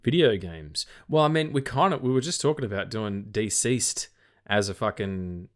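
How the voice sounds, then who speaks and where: A man's voice: on the low side, lively intonation, moderate pace. A tired man with an Australian accent, co-hosting a casual film podcast, rambling and swearing offhandedly. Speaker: podcast co-host.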